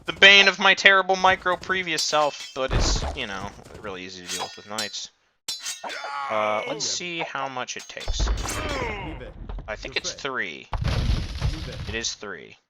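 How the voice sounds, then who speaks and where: A man's voice: mid-range voice, big pitch swings, measured pace, pauses often. A man giving casual, rambling let's-play commentary, swearing often and mocking himself. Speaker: gamer. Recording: noisy recording.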